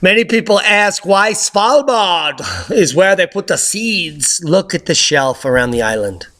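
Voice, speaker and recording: A man hosting a news update, giving casual commentary over clips in an excitable, sarcastic way with sudden loud outbursts. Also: sits high, unhurried. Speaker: host of a news update channel.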